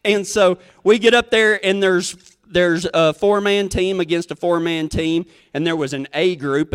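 A man's voice: high-pitched, clean tone. A man telling a folksy, self-mocking country story on stage.

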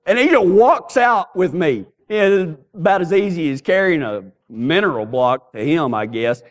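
A man's voice: fairly high pitch, moderate pace. A middle-aged man preaching a sermon full of folksy, humorous stories. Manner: folksy, humorous, animated storytelling. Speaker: pastor. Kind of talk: storytelling sermon.

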